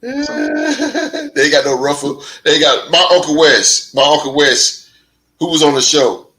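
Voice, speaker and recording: A man hosting a podcast, telling stories in a casual chat with animated delivery and big laughs. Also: on the high side, low-quality recording. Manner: animated storytelling, drawn-out laughs. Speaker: podcast host.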